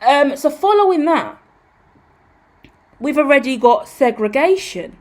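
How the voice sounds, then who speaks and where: A woman hosting a tarot channel, talking in a loose, rambling monologue. Her voice sits a little high. She swears a lot and throws herself theatrically into every point. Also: measured pace, long pauses. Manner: animated, profane, theatrical.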